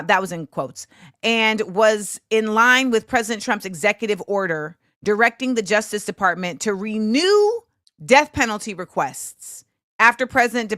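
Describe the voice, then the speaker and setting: Woman host, bright and animated delivery, news-with-commentary chat. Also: medium pitch, no room sound, studio quality. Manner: animated, reads news aloud with asides. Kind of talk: casual chat.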